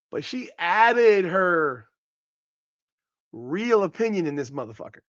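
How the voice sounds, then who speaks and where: A man's voice: high voice, very animated, slow, a bit bright, no echo, highs cut off. A man hosting a podcast, giving casual, profane and incredulous commentary. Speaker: podcast host.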